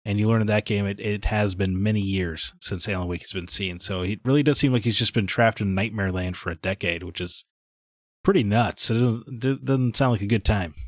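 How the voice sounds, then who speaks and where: A man's voice: lowish voice, brisk, no room sound, clean studio sound. A man co-hosting a gaming podcast, talking in blunt, opinionated casual chat. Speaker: podcast co-host.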